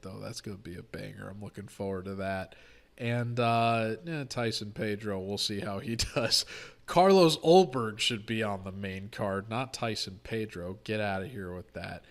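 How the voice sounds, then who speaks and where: A man hosting a casual podcast, talking through his picks in a chatty, excitable, joking way. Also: lowish voice, normal speed. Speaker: podcast host.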